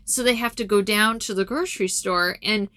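A woman's voice: mid-range voice, moderate pace, bright, forceful tone. A woman retelling a film's plot in a casual, rambling chat with frequent ums. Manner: chatty and rambling, lots of ums.

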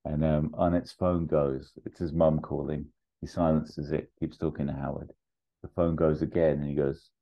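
A man hosting a podcast, pitching a film sequel in a casual, rambling way with lots of fillers. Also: level tone, moderate pace, vocal fry, highs cut off.

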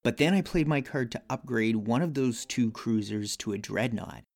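A man's voice: mid-range voice, moderate pace, vocal fry, a little mellow. A man recording a board game confessional, explaining his moves step by step. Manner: explanatory, methodical.

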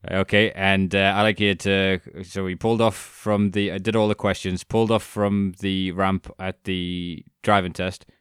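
A man's voice: low voice, level tone, normal speed, few pauses, fairly bright tone, smooth, no echo, clean studio sound. A young man telling a comic story on a podcast, swearing freely and laughing at himself. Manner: sweary, self-mocking, laughs through his stories. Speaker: podcast co-host.

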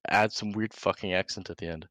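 Male podcast host, low-pitched and blunt, mock-exasperated banter, dead-dry recording. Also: fairly even intonation, brisk, a bit bright, dry recording. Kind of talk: casual chat.

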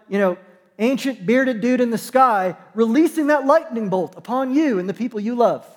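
A man, a pastor, preaching a sermon in a conversational, joking way, with dramatic slow pauses. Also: high-pitched, long reverb tail. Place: church sanctuary.

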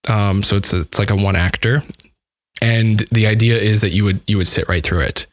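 Halting, low-voiced man retelling a story. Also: fairly even intonation, no echo. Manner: halting, repeats words and restarts often. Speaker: composer describing his dissertation project. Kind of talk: casual storytelling in conversation.

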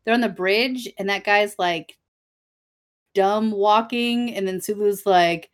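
A woman's voice: medium pitch, slow. A woman co-hosting a podcast in casual chat, sarcastic and jokey. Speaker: podcast co-host.

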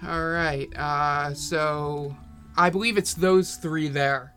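A man puts on a female dragonborn council official in a tabletop game, formal and brisk, with a raised pitch and a loud, bright tone. Faint music runs in the background. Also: steady tone.

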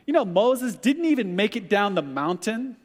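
Male pastor, sermon; higher voice, acts out quotes with animation; long room reverb. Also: sing-song, moderate pace.

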